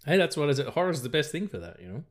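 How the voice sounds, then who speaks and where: A man's voice: a little high, big pitch swings, racing. A man with an Australian accent co-hosting a film podcast, talking loosely with jokes and swearing. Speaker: podcast co-host. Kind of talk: casual film podcast chat.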